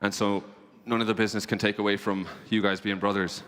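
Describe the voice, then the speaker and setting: A man's voice: fairly low pitch, level tone, fast, fairly bright tone, slight background noise. A young man chatting on stage as a guest Irish dancer, eager and laughing as he counts out dance steps. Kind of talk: casual onstage chat. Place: large convention hall stage. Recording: long hall reverb.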